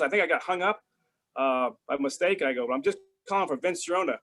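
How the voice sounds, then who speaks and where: This middle-aged man, a guest being interviewed, talks quickly in a somewhat bright voice on the high side, captured in a rough recording. His casual story rambles with repeated restarts and fillers, and he acts out the phone calls in quoted voices.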